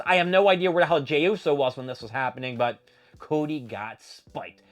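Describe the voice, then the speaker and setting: A man hosting his own show, giving a casual, animated wrestling recap with swearing and quick impressions. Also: a little high. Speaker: show host.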